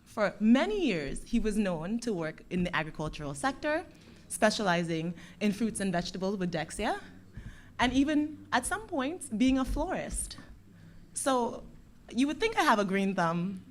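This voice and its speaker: Woman giving a lively ceremony speech. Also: mid-range voice, moderate pace, slight background noise. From Dominica. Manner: lively, playful with the children, warm encouraging. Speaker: guest speaker from a bank.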